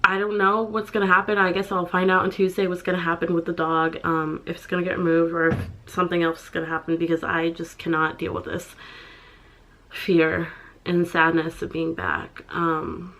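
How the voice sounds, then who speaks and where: A young woman vlogging in a halting, upset way, full of pauses and fillers. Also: lowish voice, level tone, fairly bright tone. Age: young adult. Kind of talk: personal confessional vlog.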